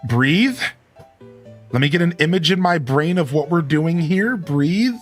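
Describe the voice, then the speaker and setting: A man's voice: a little high, a little fast, soft background music. A man streaming a cozy building game, chatty and upbeat as he thinks aloud about his choices. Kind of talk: let's play commentary.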